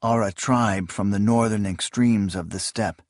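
Man playing a troubled sorcerer, murmuring, low and guarded, soft, dry sound. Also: a little slow, no room sound. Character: wary middle-aged sorcerer man, quiet and troubled.

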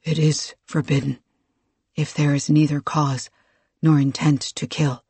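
A man's voice: a little high, little pitch movement, measured pace, darkish tone, breathy edge, no room sound. A narrator voicing a guarded male fighter who speaks in a level, matter-of-fact way in an audiobook. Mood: flat, formal.

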